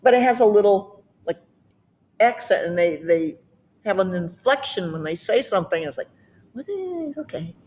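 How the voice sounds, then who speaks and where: A woman's voice: lowish voice, normal speed, a little mellow. A woman with a Southern US accent, chatting casually and animatedly about accents, laughing often. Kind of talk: casual chat.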